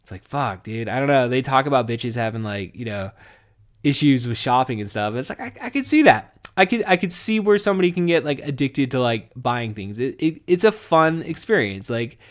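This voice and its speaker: A man's voice: medium pitch, brisk. Young adult man, podcast host, casual rant, profane, rambling, laughs often. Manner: swings between mumbled asides and loud excited bursts. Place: home garage office.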